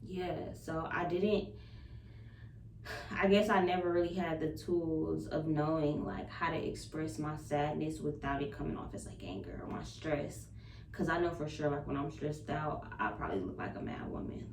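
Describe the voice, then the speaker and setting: Frank lower-voiced woman, roomy distant sound. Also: a little slow, a little hiss or hum. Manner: frank and expressive, swears freely, laughs between thoughts. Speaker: vlogger and spiritual practitioner. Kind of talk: candid personal vlog monologue. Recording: roomy sound from a distant mic with faint ambience.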